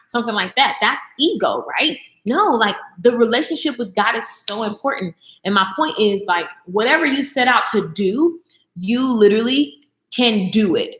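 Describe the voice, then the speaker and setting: A woman hosting a live stream who speaks with lively, preachy energy and addresses her viewers directly. Her voice sits a little high and bounces around, and the sound has a roomy echo. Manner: animated, preachy, talks straight to viewers. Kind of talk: casual faith talk.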